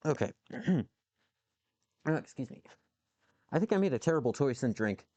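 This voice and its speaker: Here a mid-range, animated male voice speaks at normal speed with a mellow quality, captured lo-fi with no echo. He's a livestreamer at his home workshop lathe, machining as he rambles, swears and reacts to chat in a casual way.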